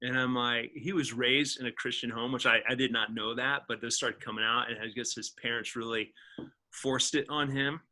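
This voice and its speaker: A man from Indiana sits in as a podcast guest and spins a personal story, his voice bright and forward at an ordinary middle pitch. He is an animated talker who drops into the voices of the people he quotes and leans on casual fillers. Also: normal speed. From Indiana, USA.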